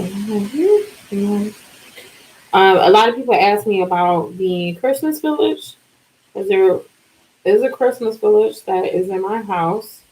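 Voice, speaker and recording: A woman's voice: medium pitch, rough recording. Chatty woman in her forties. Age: 40s. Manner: animated, chatty storytelling with drawn-out words. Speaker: livestream host. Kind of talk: casual live-stream chat with viewers.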